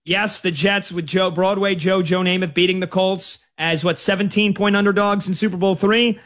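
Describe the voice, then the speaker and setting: A man's voice: sits high, fairly even intonation, a bit bright. Male sports radio host, chatty. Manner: conversational, quick asides.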